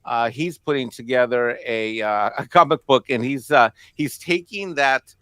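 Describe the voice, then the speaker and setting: A man's voice: mid-range voice, measured pace, sharp tone, smooth, no echo. A man co-hosting a casual panel discussion, rambling with many fillers and laughing at times. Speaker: co-host.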